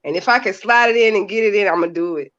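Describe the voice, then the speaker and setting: A woman's voice: mid-range voice, fast, fairly bright tone. A woman co-hosting a casual podcast chat, laughing and emphatic. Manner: giggly, emphatic. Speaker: podcast co-host. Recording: dull lo-fi sound.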